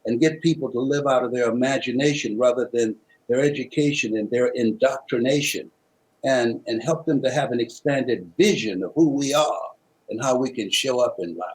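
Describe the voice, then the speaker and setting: A man's voice: medium pitch, normal speed, poor audio. A man from Miami, a motivational speaker, telling a personal story in a preacherly way with rhythmic repetition. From Miami, Florida. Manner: preacherly, with rhythmic repetition and dramatic swings in loudness.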